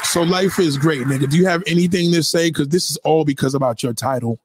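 A man voicing a brash, profane woman from New nearing sixty, who rants at the viewer in a loud, boastful, rambling comic monologue. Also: on the high side, fast, very noisy, lightly acted.

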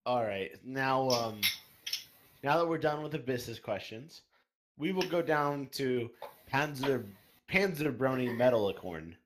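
Lively male podcast host. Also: mid-range voice, unhurried, background noise. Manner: reads listener questions, tries silly voices. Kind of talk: casual podcast interview.

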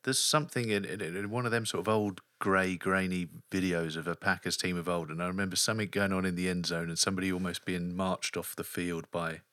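Deep-voiced man with a bright edge. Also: fairly even intonation, brisk, hardly any pauses, no echo, clean studio sound. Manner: storytelling, wry. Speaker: podcast host, flag football player. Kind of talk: casual chat.

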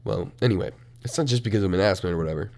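A young man in a college dorm room hosting a solo podcast, profane and animated, swinging between mumbled asides and loud outbursts. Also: sits low, racing. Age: young adult. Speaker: podcast host. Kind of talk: casual solo podcast rant.

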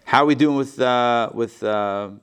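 A man leads a live class as a rabbi, reading passages aloud and then retelling them in casual, modern words. His delivery is animated and playful, and he acts out the characters' lines. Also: mid-range voice, unhurried, clear, resonant tone. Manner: lively, acts out the quotes with playful modern paraphrase. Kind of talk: live lesson, reading and explaining a text.

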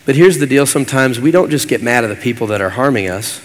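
A man's voice: mid-range voice, lively intonation, fast talker. A man preaching a sermon as pastor, earnest and repetitive in his cadence. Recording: long hall reverb.

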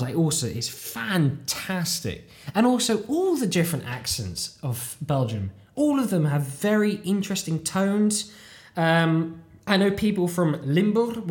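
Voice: mid-range voice, darkish tone. A British-accented podcast host, talking loosely and chattily on their own. The talk wanders from tangent to tangent, full of self-mocking asides and offhand swearing. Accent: British English. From United Kingdom. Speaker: podcast host, language learner. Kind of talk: casual rambling monologue.

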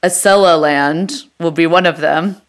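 A woman's voice: deep voice, measured pace. A woman co-hosting a podcast, chatting casually in a playful way. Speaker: podcast co-host. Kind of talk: casual chat.

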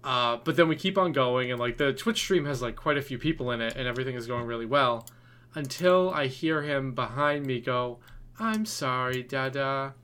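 Bright-voiced man telling rambling podcast stories. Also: medium pitch, brisk. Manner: rambling, animated storytelling with many fillers. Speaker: podcast co-host. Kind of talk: casual storytelling chat.

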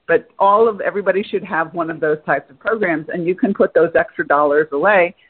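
A woman's voice: lowish voice, a little fast, husky. A woman who is a guest on a business interview, giving direct, plain-spoken advice. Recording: phone-like call audio.

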